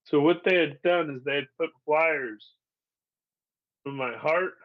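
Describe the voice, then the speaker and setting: A comedian from Seattle telling a personal story in a candid, profane and animated way. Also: male voice, fairly high pitch, slow pace, phone-quality sound. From Seattle, USA.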